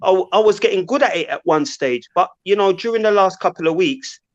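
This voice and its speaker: Hesitant older man, fairly high voice. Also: lively intonation, a little fast, muffled recording. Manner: hesitant, restarts often. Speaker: panel guest. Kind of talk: casual panel discussion.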